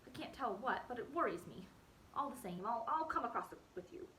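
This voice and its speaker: A woman's voice: a little high, lively intonation, fairly quick, fairly bright tone, slight background noise, low-quality recording. A woman voicing a young male rabbit in a storybook, fretful and tearful, with a trembling, pleading way of talking. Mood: uneasy.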